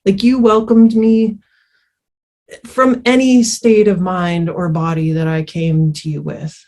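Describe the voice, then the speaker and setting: A woman's voice: lowish voice, level tone, takes it slowly, darkish tone. A woman telling her personal recovery story in a candid, rambling way. She swears freely and often circles back with fillers and restarts. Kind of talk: personal testimony.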